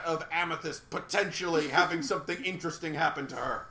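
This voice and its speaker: A man's voice: a little high, fast, sharp tone, roomy sound, a little hiss or hum. A man co-hosting a casual review chat, ranting sarcastically and swearing freely in an exasperated way. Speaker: podcast co-host reviewer.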